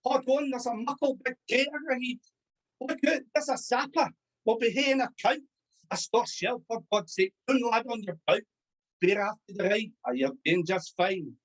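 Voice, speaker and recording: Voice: medium pitch, normal speed, voice pushed up, lightly acted, poor audio. A reciter voicing a wounded young soldier who urges his comrade on. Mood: urgent. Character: wounded young male Scots soldier urging his mate on.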